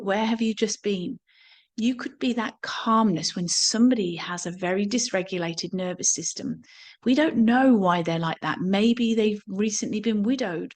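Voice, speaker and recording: An English somatics teacher gives a reflective talk on somatic awareness in an ordinary middle-pitched voice. Earnest throughout, she sometimes doubles back and repeats words while gathering her thoughts.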